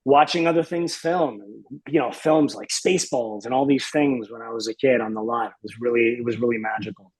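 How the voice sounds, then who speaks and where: Man, fifties, guest, husky voice, rambling, dry sound. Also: medium pitch, brisk, no room sound, low-quality recording. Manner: reflective, rambling with many fillers. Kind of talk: casual chat.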